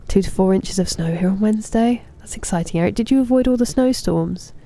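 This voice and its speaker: A woman in her thirties, a game streamer, chatting casually while she plays, answering chat and muttering softly to herself. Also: medium pitch, fairly quick. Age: 30s.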